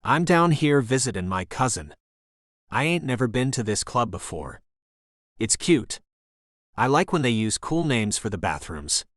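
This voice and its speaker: A man's voice: medium pitch, big pitch swings, unhurried, a bit bright, dry recording, studio quality. A man voicing a chirpy young Southern woman singer with a thick Southern US accent and a folksy twang. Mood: chatty.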